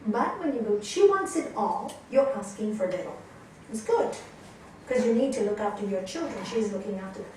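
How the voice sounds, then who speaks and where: Captured from afar in an echoey teaching room with slight background noise, a medium-pitched woman speaks at a moderate pace. She is a yoga teacher animatedly telling her class stories and voicing the people in them.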